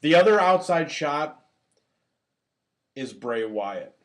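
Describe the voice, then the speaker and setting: A man co-hosting a casual podcast, animated and profane, who has the hiccups. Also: on the high side, takes it slowly. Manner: animated, swears freely, gets loud when worked up. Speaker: podcast co-host.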